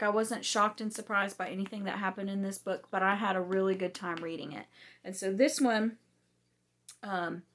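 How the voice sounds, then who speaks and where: A woman hosting a casual book review, chatty and rambling with many ums, her voice going hoarse. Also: medium pitch, a bit bright. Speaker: book reviewer, channel host.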